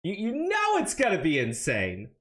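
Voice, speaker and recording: A man's voice: a little high, moderate pace. A man riffing on a livestream, his voice rising and falling in wide swings. He stammers through restarts and swears freely as he reacts. It sounds like a desk mic on a stream. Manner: animated, profane, stammering restarts. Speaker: podcast co-host. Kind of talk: casual livestream commentary.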